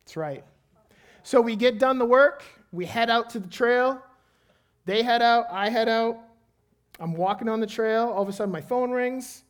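With an extremely high pitch and clean tone, a man who is a pastor and father of a young child relates an energetic personal story, then eases into heartfelt prayer.

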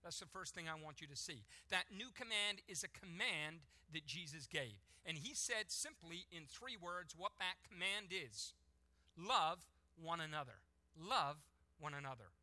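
Man preaching a sermon, bright cutting voice, kinda high, gets emphatic. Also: expressive, moderate pace, few pauses. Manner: emphatic, building to forceful peaks. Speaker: pastor.

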